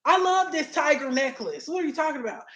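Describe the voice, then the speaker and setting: A young woman co-host tells a story in casual chat, bright and forceful in tone, laughing as she goes. Her voice rings in a roomy, echoey space. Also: sits high, fast. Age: young adult. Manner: animated, laughing storyteller with restarts.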